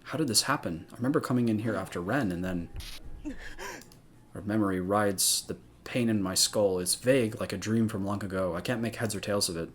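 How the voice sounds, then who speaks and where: A man's voice: lowish voice, a little fast. A man streaming a visual novel, reading the narration dramatically and breaking into casual asides.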